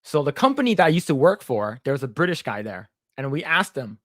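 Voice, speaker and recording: A man's voice: a little high, sing-song, fast, hardly any pauses, fairly bright tone, dry recording, clean studio sound. A man in his thirties co-hosting a casual podcast, rambling through stories and acting out quoted dialogue. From United States. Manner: rambling storyteller who acts out quoted dialogue. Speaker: podcast co-host.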